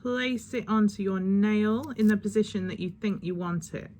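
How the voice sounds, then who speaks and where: A woman walks her viewers through a beauty tutorial, chatty and instructive. Her voice sits in a middle pitch, and she wanders off track now and then before coming back to the steps. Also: normal speed, darkish tone, a little hiss or hum. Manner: chatty, instructive, slightly rambling. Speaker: beauty vlogger. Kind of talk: step-by-step nail tutorial.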